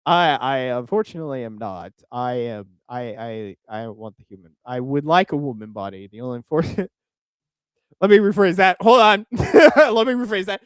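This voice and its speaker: A man's voice: mid-range voice, moderate pace, smooth, no echo. A young man from Oklahoma giving crude, exasperated reaction commentary on a video as a streamer, with frequent restarts.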